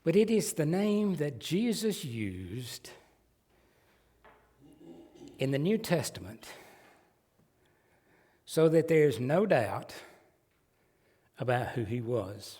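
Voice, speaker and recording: A man's voice: on the high side, very animated, slow pace, pauses often, dark tone, slightly rough. A man with a Southern American accent preaching a sermon as pastor, folksy and emphatic with joking asides. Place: church sanctuary. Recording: long church hall reverb.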